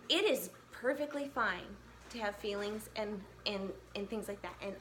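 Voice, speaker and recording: A woman's voice: mid-range voice, normal speed, a bit bright, a little hiss or hum. A woman in her thirties talking casually to her camera in an earnest, chatty way, with many fillers and restarts. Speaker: equine massage therapist vlogger. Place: home, California. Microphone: camera mic.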